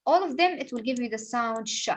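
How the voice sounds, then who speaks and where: A woman's voice: a little high, expressive, fairly quick, rough recording. Patient woman teaching English sounds. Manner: patient, repetitive explaining with examples. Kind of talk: phonics lesson.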